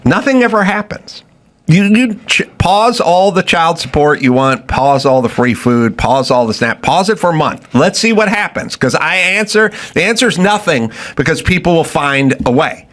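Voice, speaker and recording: A man's voice: a little high, expressive, moderate pace, fairly bright tone. A man hosting a talk show, ranting with sarcasm and profanity and acting out the lines of the people he mocks. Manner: profane, sarcastic, acts out quoted voices. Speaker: show host.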